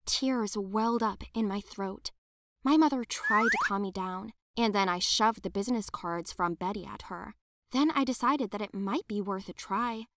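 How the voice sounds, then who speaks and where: A woman narrating a first-person animated story in an emotional, dramatic way. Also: mid-range voice, moderate pace, noisy background.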